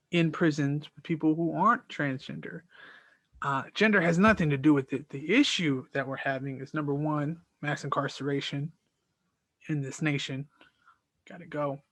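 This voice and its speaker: A man with a slightly high voice, recorded with no echo, hosts his own podcast. He recounts an argument in a casual, animated, exasperated way, acting out both sides of the dialogue.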